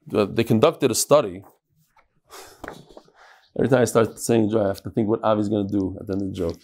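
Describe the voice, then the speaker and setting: A man teaching a Talmud class in a lively, joking lecture style, sometimes chanting phrases. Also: medium pitch, moderate pace, pauses often.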